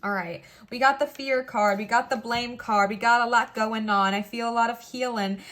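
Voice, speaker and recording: A woman's voice: fairly high pitch, fairly even intonation, moderate pace, few pauses, a bit bright. A young woman giving a pick-a-card tarot reading in a chatty, playful, reassuring way, sometimes acting out little quoted voices. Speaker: tarot reader.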